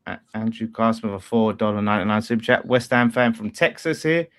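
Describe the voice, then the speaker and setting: A man, hosting a fan channel and reading out viewer messages in a relaxed, matter-of-fact way. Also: fairly low pitch, fast talker, clear, resonant tone.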